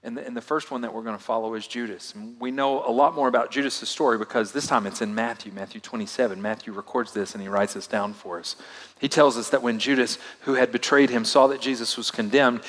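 Male pastor, mid-pitched voice, dynamic sermon delivery, long hall reverb. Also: steady tone, fast talker. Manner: dynamic delivery, swinging from loud emphasis to hushed asides.

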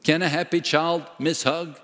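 A male pastor preaching a sermon slowly and emphatically, dropping to a hush at times. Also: on the high side, little pitch movement. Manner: slow, emphatic preaching with dramatic dips to a hush. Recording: long reverb of a large hall.

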